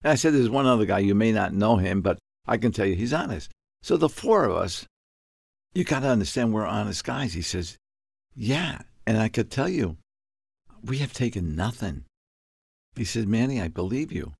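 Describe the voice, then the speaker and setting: An older man from Puerto Rico, telling a business story in an interview, acting out the dialogue with sudden high outbursts. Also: expressive, moderate pace, gravelly, slightly rough, dry recording, studio quality. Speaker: guest.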